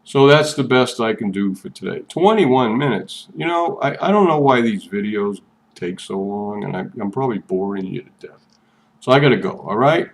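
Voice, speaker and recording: Older man, low-pitched, gravelly, chatty rambling vlogger, repeats himself. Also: lively intonation, moderate pace. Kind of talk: rambling personal vlog.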